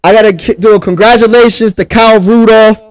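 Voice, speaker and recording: A man's voice: high voice, fairly even intonation, a little fast, no room sound. A man from Pennsylvania, hosting a casual livestream sports talk show and talking straight to his chat in a hyped way.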